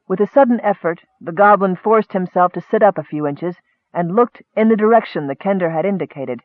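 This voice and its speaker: A man giving measured scripted narration of a fantasy story. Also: high-pitched, dry recording, narrow, tinny audio.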